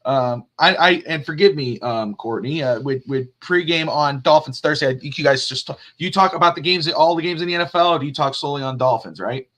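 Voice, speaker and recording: A man hosting a casual sports talk show, rambling and jokey and quick to laugh. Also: a little high, a bit bright. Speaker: podcast host.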